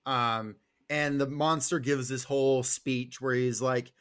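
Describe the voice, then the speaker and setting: A man's voice: medium pitch, steady tone, slow, a bit bright, smooth. A man co-hosting a casual book discussion, laid-back and joking, swearing now and then. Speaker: podcast co-host.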